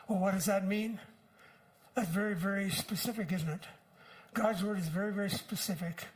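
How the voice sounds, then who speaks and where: An older man preaching a sermon in an earnest, unhurried way, with frequent pauses. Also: sits high, fairly even intonation, low-quality recording. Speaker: pastor.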